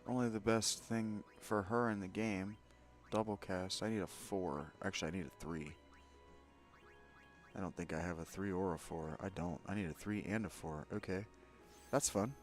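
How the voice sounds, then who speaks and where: Candid low-voiced man narrating gameplay. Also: steady tone, normal speed, soft background music. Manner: candid, opinionated, rambling asides to viewers. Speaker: let's play host. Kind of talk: gameplay commentary.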